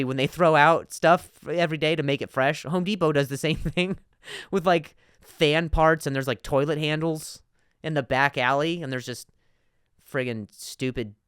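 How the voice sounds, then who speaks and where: A man hosting a comedy podcast, ranting in an animated monologue with frequent stutters and asides. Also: fairly high pitch, clear, resonant tone, dry recording, studio quality.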